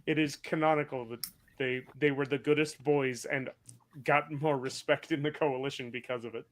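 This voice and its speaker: A man narrating as game master of an online tabletop game, joking and relaxed. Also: mid-range voice, moderate pace.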